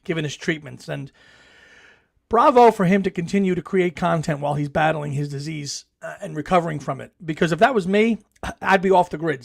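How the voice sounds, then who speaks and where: A man's voice: fairly high pitch, a little fast, vocal fry. A middle-aged man hosting a live podcast chat, reading viewer comments in a chatty, enthusiastic way and laughing often. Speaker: podcast host.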